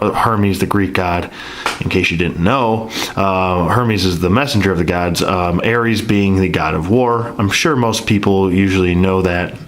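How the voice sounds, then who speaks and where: A man's voice: fairly low pitch, a bit bright. A man reviewing an action figure in a casual vlog, rambling with many fillers and restarts while he is losing his voice. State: losing his voice, throat clearing.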